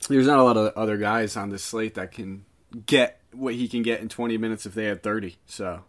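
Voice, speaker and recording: A man's voice: lowish voice, a little fast. A man co-hosting a casual sports podcast, talking eagerly with fillers. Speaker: podcast co-host. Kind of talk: casual sports betting chat.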